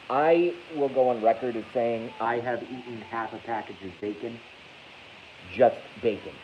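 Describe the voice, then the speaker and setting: A man rambling casually on a livestream, joking crudely, mocking himself and reading out chat comments. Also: medium pitch. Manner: crude, joking, self-deprecating, reads chat aloud. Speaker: livestream host. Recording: dull lo-fi stream audio with faint hiss.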